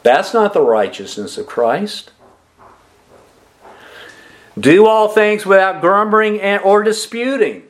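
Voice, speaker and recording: A pastor preaching a sermon, asking the congregation questions and repeating their answers back. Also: male voice, high voice, slow, long pauses. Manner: emphatic preaching with lively rises and drops.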